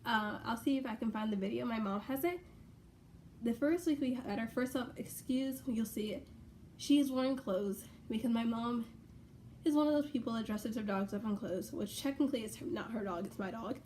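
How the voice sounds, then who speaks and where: A young woman rambling casually in a home vlog, full of fillers and excited asides. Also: a little high, moderate pace, slight background noise. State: out of breath. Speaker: vlogger. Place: bedroom at home.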